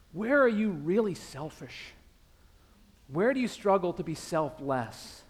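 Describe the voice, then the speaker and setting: A man preaching a sermon in a church, asking rhetorical questions that swell and fade. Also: fairly high pitch. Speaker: pastor.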